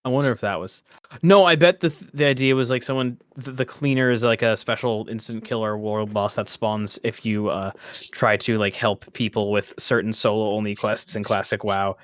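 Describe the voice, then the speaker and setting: A man's voice: on the low side, steady tone, moderate pace, dry recording, studio quality. Rambling, laughing podcast co-host man. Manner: rambling, self-interrupting, laughs often. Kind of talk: casual gaming podcast chat.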